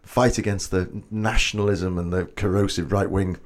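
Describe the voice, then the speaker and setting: A man co-hosting a podcast, telling stories in a chatty, relaxed way. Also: sits low, moderate pace. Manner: anecdotal, chatty storyteller. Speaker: podcast co-host. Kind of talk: casual chat.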